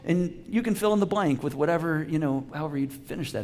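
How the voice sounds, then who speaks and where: High-voiced man preaching casually. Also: lively intonation, quick pace, hardly any pauses. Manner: conversational preaching with many restarts, acting out quoted voices. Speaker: pastor. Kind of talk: sermon. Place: church auditorium with a live congregation.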